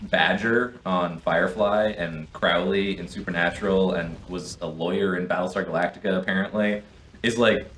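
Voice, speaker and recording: A young man with a lowish voice talks casually while gaming, rambling through long retellings full of restarts and asides. The sound is roomy and echoey, with a faint hiss behind it. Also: steady tone, moderate pace, a bit bright. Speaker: co-host and player. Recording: echoey room, faint noise.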